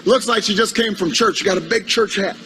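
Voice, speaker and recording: High bright-voiced man on the campaign trail telling a funny story, lots of and-and restarts, wry. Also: a little hiss or hum, poor audio. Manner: halting, repeats words, wry storytelling. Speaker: politician giving a speech. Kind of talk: humorous anecdote in a speech.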